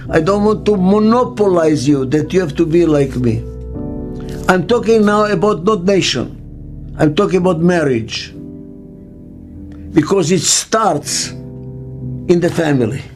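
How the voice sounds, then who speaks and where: An older man with a Hebrew mother tongue, a business consultant speaking in an interview, slow and emphatic, repeating his key words. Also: high-pitched, animated, faint music behind. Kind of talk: interview monologue.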